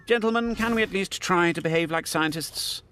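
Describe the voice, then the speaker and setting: An actor playing a fussy, easily flustered male professor hosting an animated ad, speaking in a prim, formal way. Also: high voice, normal speed, natural voice. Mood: exasperated. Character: fussy, exasperated male professor, middle-aged. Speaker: narrator and host professor. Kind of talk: animated ad narration. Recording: cartoon soundtrack with music behind.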